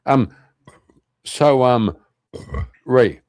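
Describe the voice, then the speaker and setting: A man with an Irish accent hosting an online interview show, chatting casually, animated and swearing freely. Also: mid-range voice, very slow, no room sound, studio quality. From Ireland. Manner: animated, swears a lot, laughs often. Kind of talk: casual livestream chat.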